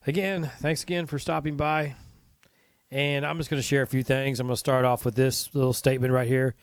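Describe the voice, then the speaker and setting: A man's voice: medium pitch, little pitch movement, a little fast, clean tone, no echo. A man hosting his own podcast, talking casually and earnestly to listeners, rambling with asides and restarts. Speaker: podcast host. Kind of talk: casual solo podcast talk.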